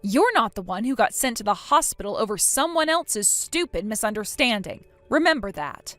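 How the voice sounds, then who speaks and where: Woman doing a stern wronged woman telling someone off, lots of up and down in her voice, kinda high. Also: sing-song, normal speed, fairly bright tone, dry recording, soft background music. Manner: cold, scolding. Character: stern wronged young woman refusing forgiveness. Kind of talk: scripted drama voice acting.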